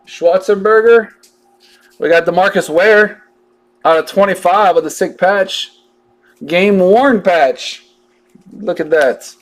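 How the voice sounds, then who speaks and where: Chatty high-voiced man. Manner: chatty, drawling, jokey asides while reading out cards. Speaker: card breaker. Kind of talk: casual live card-break chat.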